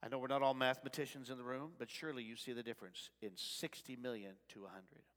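A man preaching a sermon in a church sanctuary, swinging between shouted lines and soft asides. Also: mid-range voice, steady tone, fast. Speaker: pastor. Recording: long reverb of a large sanctuary.

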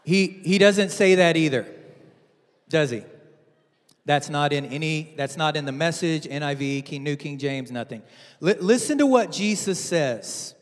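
A man preaching a sermon in a church, telling a story playfully with many repeats. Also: on the high side. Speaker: pastor. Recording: hall with long reverb.

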